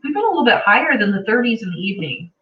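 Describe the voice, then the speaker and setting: A woman's voice: fairly high pitch, very fast. Giggly woman on a farm livestream, echoey. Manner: giggly, animated storyteller. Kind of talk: casual livestream chat. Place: home room on a farm. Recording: dull, echoey room audio.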